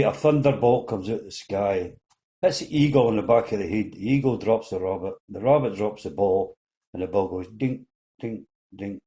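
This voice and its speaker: An older Scottish man spinning one joke after another in a relaxed, folksy way, popping into small voices for each character. His voice is low and dark, with a warm, mellow tone. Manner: folksy storyteller doing little character voices. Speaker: comedian telling jokes. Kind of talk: seated joke telling.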